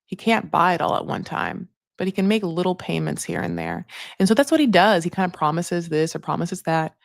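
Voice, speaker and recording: A woman's voice: lowish voice, sing-song, fairly quick, creaky, no room sound, clean studio sound. A woman hosting a casual reality TV recap, chatty and sassy, swearing freely and calling people honey. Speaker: TV recap host.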